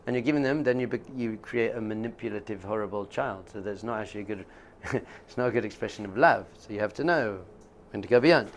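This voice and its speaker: A man's voice: medium pitch, fast, few pauses, slight background noise. A man teaching as a rabbi in an informal class, conversational and jokey, often laughing and acting out quotes.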